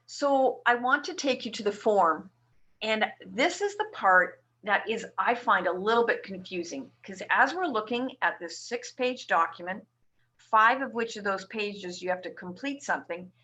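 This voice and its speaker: Woman nurse from Canada, bright-toned, patiently walks listeners through a form in a webinar. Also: mid-range voice, lively intonation, normal speed. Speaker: ostomy nurse presenter. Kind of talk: webinar presentation.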